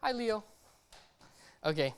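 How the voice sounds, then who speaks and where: A man's voice: high voice, slow, smooth. Young man preaching in a chatty, slangy way. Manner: chatty, keeps checking in with "right?" and "okay?"; slangy and relaxed. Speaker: lay preacher. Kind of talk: casual sermon. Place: church service.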